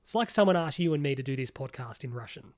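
A man's voice: mid-range voice, animated, fast, a little mellow. A man co-hosting a casual pop culture podcast, rambling animatedly with lots of "like" and the odd swear. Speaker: podcast co-host. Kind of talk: casual chat.

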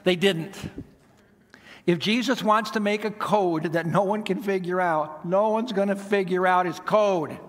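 A man preaching a sermon as pastor, animated and asking the congregation rhetorical questions. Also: high voice, unhurried. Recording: long reverb of a large hall.

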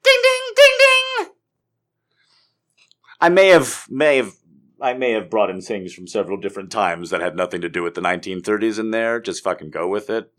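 A man's voice: sits low, quick pace. A man delivering a rambling, profane comedic monologue as a podcast host.

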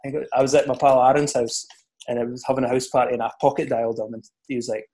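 A Scottish man, a former footballer, chatting casually and telling animated stories with laughs. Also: mid-range voice, very fast. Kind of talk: casual podcast chat.

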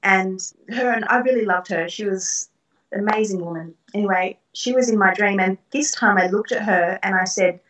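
A middle-aged woman recounts personal experiences in an interview, earnest and reflective, with soft laughs. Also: medium pitch, moderate pace. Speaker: guest. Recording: roomy, distant from the mic.

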